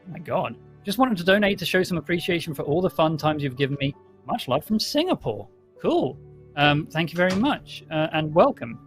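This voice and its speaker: A man's voice: on the high side, big pitch swings, a little fast, soft background music. A man hosting a live stream, chattily thanking viewers and reading out their donation messages. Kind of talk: casual stream chat.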